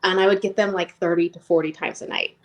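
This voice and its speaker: A woman's voice: fairly low pitch, steady tone, fast. A woman in her thirties telling her personal story as an interview guest, rambling and emotionally open with lots of "like".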